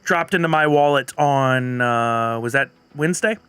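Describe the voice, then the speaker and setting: A man's voice: mid-range voice, unhurried, a bit bright, clear, resonant tone, dry recording. A man streaming live, chatting casually and answering viewers' comments. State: has the hiccups.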